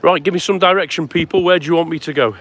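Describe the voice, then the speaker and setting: This man's voice is on the high side, fast and fairly bright. He's live-streaming a sunset walk on town streets, chatting and greeting viewers by name, with faint outdoor street noise in the recording.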